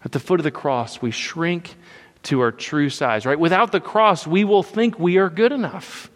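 A man's voice: a little high, normal speed, a bit bright, in a large hall. A man preaching a sermon, emphatic and repetitive, often checking in with "right?".

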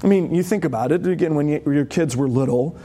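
A man's voice: a little high, quick pace, warm tone. A man preaching a sermon as a pastor, conversational and emphatic, asking the congregation rhetorical questions. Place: church.

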